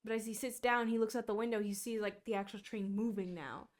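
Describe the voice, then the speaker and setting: Clear-voiced young woman recapping casually. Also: medium pitch, brisk. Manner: chatty, retells scenes with "like" fillers. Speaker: podcast co-host. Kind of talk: casual movie review chat.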